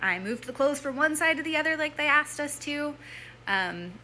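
A woman's voice: sits high, lively intonation, normal speed, bright, forceful tone, a little hiss or hum. A young woman telling a personal story in a chatty way, full of "like" and "um", often acting out her own past thoughts. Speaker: former church member telling her story.

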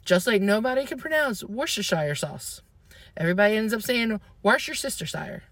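A woman's voice: medium pitch, sing-song, brisk, dry recording. A woman from the American South chatting casually, chatty, opinionated and playful. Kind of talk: casual chat.

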